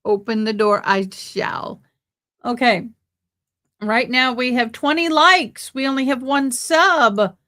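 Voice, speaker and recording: Chatty woman host of a live stream, slow and unhurried, talks back to the comments. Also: a little high, bright, forceful tone. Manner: chatty, reads out viewer comments. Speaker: livestream host covering a trial. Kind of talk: casual live chat.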